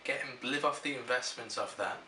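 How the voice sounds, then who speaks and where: A man's voice: medium pitch, brisk, heavy background noise. A young man chatting casually to camera, answering question prompts and rambling through stories with restarts. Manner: rambling, storytelling, self-interrupting. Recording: echoey room, mic at a distance.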